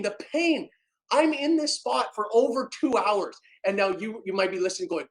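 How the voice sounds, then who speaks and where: A man, a podcast guest, telling an emotional personal story in an animated, dramatic way that swings between loud and soft. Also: sits high, normal speed, poor audio.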